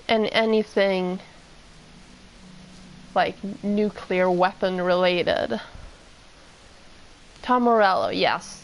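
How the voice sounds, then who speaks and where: A woman's voice: mid-range voice, rough recording. A woman from Sweden with a Swedish accent, chatting casually and rambling as she streams a game. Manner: rambling, meandering, with many fillers. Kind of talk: casual chat while gaming.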